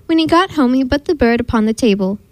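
A woman hosting a storytelling show, reading a picture book aloud with expressive narration. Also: high-pitched, fast, no echo. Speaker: host and storyteller.

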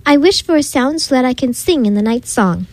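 A woman voicing a small, shy and hopeful male bunny in a storybook read-aloud, speaking softly and with wonder. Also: high-pitched, animated, a little fast, poor audio.

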